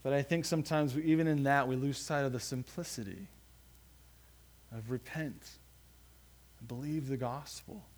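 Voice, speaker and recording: A man preaching a sermon in an earnest, halting way, with frequent restarts and phrase endings that drop soft. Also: mid-range voice, fairly even intonation. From United States. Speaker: pastor.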